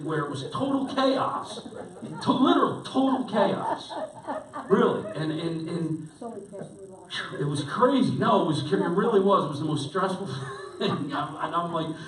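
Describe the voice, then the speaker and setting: A middle-aged man, a pastor, preaching a sermon by telling a rambling personal story in an animated way, with many restarts. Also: medium pitch. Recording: roomy sound picked up from a distance.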